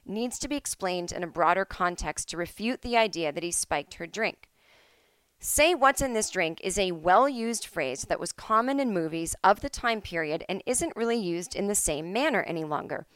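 A middle-aged woman hosting her own podcast from home, chatting casually with animated, sarcastic asides. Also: mid-range voice, smooth, no room sound. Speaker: podcast host. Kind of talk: solo casual chat.

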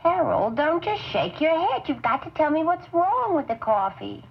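A woman's voice: high voice, big pitch swings, normal speed, vocal fry, full character voice. A woman playing a pleading housewife in an old ad. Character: housewife asking about coffee. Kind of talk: 1950s TV commercial acting. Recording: dull old TV audio.

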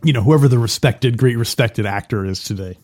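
A man's voice: medium pitch, fairly quick, a little mellow. A man co-hosting a podcast, chatting casually and rambling, with many restarts and laughs. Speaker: podcast co-host. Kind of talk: casual chat.

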